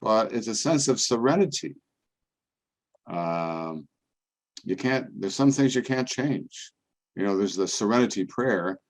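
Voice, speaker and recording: Deep-voiced older priest telling stories. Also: male voice, lively intonation, a little slow, long pauses. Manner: folksy storytelling, acts out other people's voices. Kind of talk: conversational talk with anecdotes. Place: parish event, indoors.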